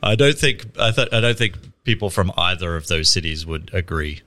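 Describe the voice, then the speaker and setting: A man's voice: low voice, animated, brisk, pushed and bright. A man, chatting casually about a trailer, swearing freely and laughing often. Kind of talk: casual chat reviewing a trailer.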